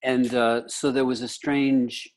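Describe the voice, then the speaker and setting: A man's voice: mid-range voice, level tone, takes it slowly. A man in his fifties from the United States, a guest in a casual interview who rambles and leans on "you know" fillers.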